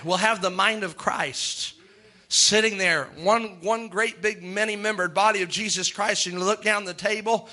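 A man preaching a sermon, chanting long lists in a slow rhythmic litany and chuckling between points. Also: high-pitched, steady tone, pushed and bright.

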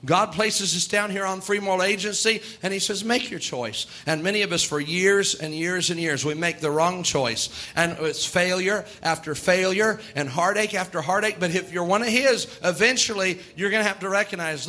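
A man's voice: high voice, moderate pace, pushed and bright. A male preacher, delivering a folksy sermon and voicing God and sinners in quoted asides.

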